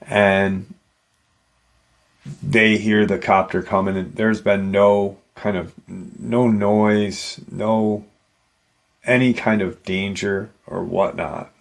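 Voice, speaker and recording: A man's voice: fairly low pitch, steady tone, slow pace, creaky. A man hosting a paranormal channel, casually retelling an encounter story in a rambling way with many "you know" asides.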